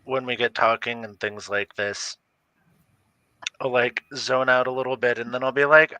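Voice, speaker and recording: A man's voice: medium pitch, level tone, moderate pace, pushed and bright, clean tone, dry recording, rough recording. A man who works as a psychic medium, chatting loosely and casually, with lots of "like". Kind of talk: casual chat.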